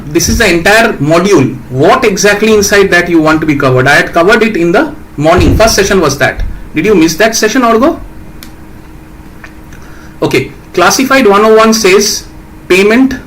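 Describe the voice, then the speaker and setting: A man's voice: high voice, a bit bright, low-quality recording. Man, programming teacher, live lecture, patient explanations, faint background hum. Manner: explains patiently, reads out questions, asks "right?". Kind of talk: live-streamed lecture answering viewer questions.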